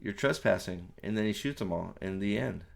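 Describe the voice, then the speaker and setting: A man's voice: fairly low pitch, fairly quick, creaky, a little mellow. A man giving a ranting spoiler review of a movie, sarcastic and exasperated, full of swearing, rambling and restarting his sentences.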